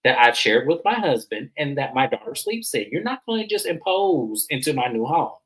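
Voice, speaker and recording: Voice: mid-range voice, very animated, normal speed, natural voice. A host putting on an impression of a pleading middle-aged woman reality star, earnest and drawn out.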